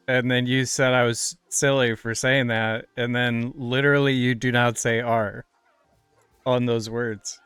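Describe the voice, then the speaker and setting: A male streamer chats in a relaxed, drawn-out way, teasing his viewers with playful questions. His voice is smooth and clean, and soft music plays quietly under him. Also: mid-range voice, dry recording. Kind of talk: casual chat with live chat.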